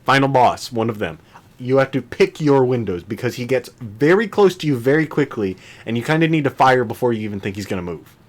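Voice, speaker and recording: A man's voice: mid-range voice, lively intonation, brisk. A young man co-hosting a casual podcast, his voice sitting right in the middle of the male range. He talks easily, laughs a lot, and slips into playful voices whenever he quotes someone. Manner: laughs often, puts on voices when quoting. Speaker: podcast co-host. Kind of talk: casual chat.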